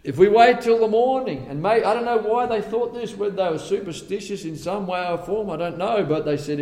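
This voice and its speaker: Animated male preacher in an echoing hall. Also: high voice, fairly quick, hardly any pauses. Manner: animated storytelling, acting out the characters' lines. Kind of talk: sermon retelling a Bible story. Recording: long reverb of a large hall.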